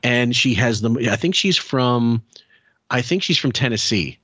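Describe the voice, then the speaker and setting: A man's voice: mid-range voice, expressive, unhurried, a bit bright, no room sound. A man co-hosting a podcast, chatting casually in a rambling, hesitant way, often restarting his sentences. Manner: rambling, hesitant, self-correcting. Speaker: podcast co-host.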